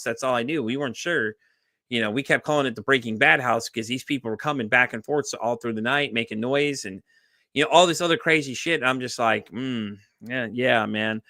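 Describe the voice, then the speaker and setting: A man hosting a podcast, telling a story in casual chat with lively energy and frequent swearing. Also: mid-range voice, fairly quick, dry recording, studio quality. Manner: animated storyteller, swears freely. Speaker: podcast host.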